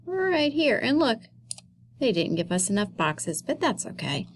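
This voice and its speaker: Woman teacher, phonics video for kids; slow, patient, encouraging, close mic. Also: a little high, sing-song, a little hiss or hum. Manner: slow, encouraging, sounds words out for young kids. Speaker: elementary school teacher. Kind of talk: recorded phonics lesson for children.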